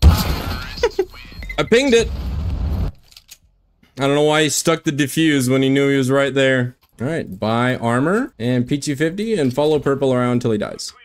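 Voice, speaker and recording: Young guy streaming a shooter, excitable, swears constantly, mid-pitched voice, faint hiss behind. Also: brisk, hardly any pauses. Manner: excitable, swears a lot, narrates his own play. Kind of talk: live gameplay commentary.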